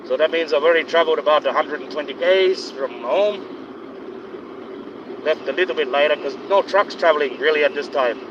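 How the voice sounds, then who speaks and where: A man live-streaming while driving on a highway, giving rambling, opinionated commentary in a put-on accent. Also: a little fast. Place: inside a moving car on a highway. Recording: dull lo-fi sound with road noise. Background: engine and road noise.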